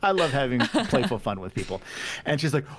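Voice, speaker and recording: Guy on a podcast, mid-pitch voice, chatty and open, does little voices when quoting people. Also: sing-song, fairly quick, crowd noise. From United States. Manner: candid, self-reflective storyteller who acts out quoted dialogue and laughs often. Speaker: podcast guest. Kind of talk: casual chat.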